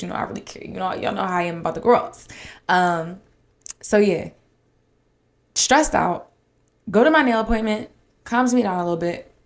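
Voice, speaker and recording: Gravelly-voiced woman podcaster, chatty. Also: on the low side. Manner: chatty, addresses listeners as y'all, dramatic retelling. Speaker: podcast host. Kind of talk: casual solo podcast storytelling.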